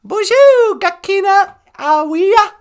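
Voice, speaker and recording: A man voicing a chirpy woman sidekick with high, breathy, sing-song greetings, in comedic live stream banter. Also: animated, slow pace, full character voice.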